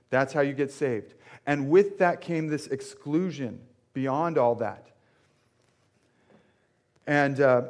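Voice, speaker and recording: A man's voice: fairly high pitch, a little mellow. A young man giving a conversational sermon as a pastor, joking with the congregation and using lots of fillers. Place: church sanctuary.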